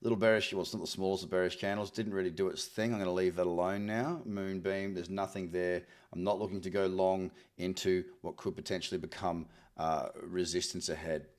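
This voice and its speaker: A man's voice: low-pitched, steady tone, a little fast. An Australian man hosting a live trading stream, chatting in an upbeat way, often repeating words and answering viewers. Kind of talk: live chart scan with chat replies.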